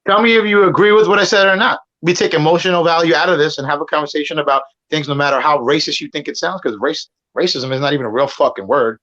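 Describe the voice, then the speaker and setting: A man's voice: on the high side, fast talker, few pauses, a bit bright. A man from Puerto Rico arguing heatedly on a stream, rambling, swearing and talking over the other side. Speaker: guest debater on a stream. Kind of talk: heated argument. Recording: muffled lo-fi audio.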